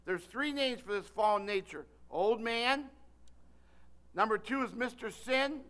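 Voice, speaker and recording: An older man preaching a sermon, telling a story with lively delivery and calling on listeners by name. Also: sits high, measured pace.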